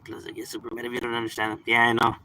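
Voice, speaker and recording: A man's voice: medium pitch, monotone, rapid-fire, sharp tone, low-quality recording. A young man chatting casually on a live stream, slangy and laughing often. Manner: laid-back slang, mixes in Spanish words, laughs often.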